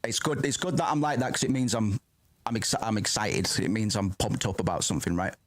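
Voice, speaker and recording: A man's voice: lowish voice, fast talker, a crowd in the background. A man streaming a film reaction in casual, rambling commentary, swearing freely and breaking off his own sentences. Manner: rambling, excitable, swears often, self-interrupting.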